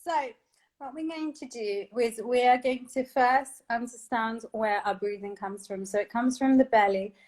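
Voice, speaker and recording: A woman with a slightly high voice leads a breathing lesson. She is encouraging and instructive, and she laughs easily between steps. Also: normal speed, a little mellow. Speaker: vocal coach. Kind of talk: guided breathing exercise.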